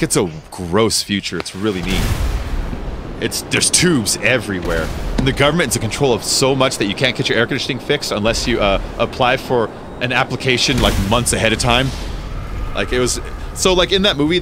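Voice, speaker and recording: A man's voice: mid-range voice, noisy background. A man hosting a game stream, chatting casually and joking, rambling and swearing freely. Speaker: streamer and host.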